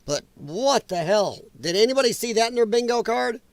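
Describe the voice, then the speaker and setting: Speaking at normal speed in a very high, animated voice, a man hosts a casual political livestream on his own microphone with no room sound. He's chatty, sarcastic, and quick to laugh, though his voice sounds a little strained.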